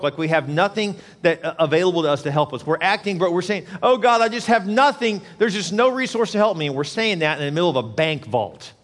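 A man's voice: a little high, big-room sound. A male pastor preaching a sermon in an earnest, repetitive way, acting out quotes as he goes.

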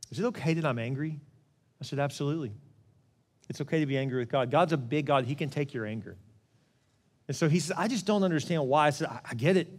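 A middle-aged male pastor preaching a sermon, telling a personal story in an earnest way that swings from loud and fired up to quiet and hushed. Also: mid-range voice.

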